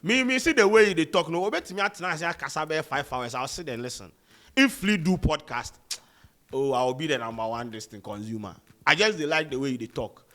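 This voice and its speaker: A young man with a Ghanaian accent giving casual commentary to camera, animated and slipping into pidgin and slang. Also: a little high, normal speed. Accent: Ghanaian, Pidgin-inflected. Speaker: vlogger.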